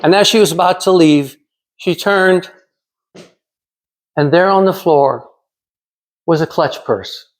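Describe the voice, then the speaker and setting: A man in his sixties from California giving a prepared storytelling speech in a measured, dramatic way with pauses. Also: sits high. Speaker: club speaker.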